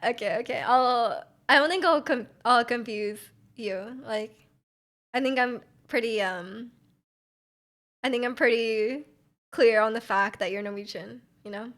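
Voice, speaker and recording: Chatty woman, slightly high voice. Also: unhurried, fairly bright tone. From Vancouver, Canada. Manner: rambling, filler-heavy with frequent "like", giggly. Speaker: live streamer. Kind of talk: casual chat, reading out chat.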